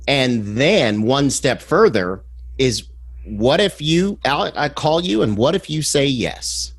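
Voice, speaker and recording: A man's voice: medium pitch, sing-song, slow. A man talking as a podcast guest and sales manager, telling stories emphatically and repeating words as he builds a point. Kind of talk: casual podcast conversation.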